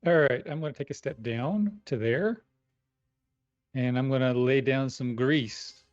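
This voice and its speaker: A man's voice: mid-range voice, unhurried, no room sound, highs cut off. Man thinking aloud as a player. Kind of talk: casual tabletop play.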